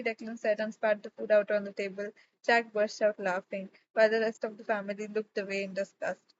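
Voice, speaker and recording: Woman audiobook narrator; measured, calm, dull lo-fi sound. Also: medium pitch. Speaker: audiobook reader. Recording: slightly dull recording with faint noise.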